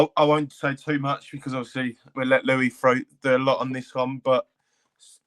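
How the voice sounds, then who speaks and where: Flat-voiced rambling football pundit, male. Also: mid-range voice. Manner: rambling, repeats words, corrects himself. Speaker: podcast co-host. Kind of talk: casual football podcast chat.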